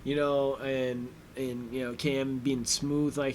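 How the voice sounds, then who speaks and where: A man casually recapping a TV episode, rambling with many fillers and slipping into quick quoted voices. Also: mid-range voice, flat delivery, a little hiss or hum. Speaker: commentary host.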